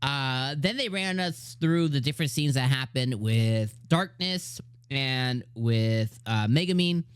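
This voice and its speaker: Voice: medium pitch, slow, hardly any pauses, smooth, dry recording. Host of an anime review channel, giddy and slangy, laughs through the recap, dry sound. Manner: excitable, laughs often, heavy slang. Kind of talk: casual video review.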